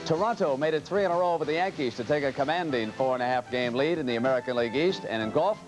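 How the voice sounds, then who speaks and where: A man delivering a brisk, authoritative network sports news update. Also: medium pitch, over music, poor audio.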